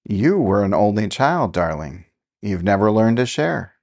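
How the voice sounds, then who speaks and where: Man doing a gentle young pastor. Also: fairly low pitch, big pitch swings, a little slow, full character voice. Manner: gentle, earnest.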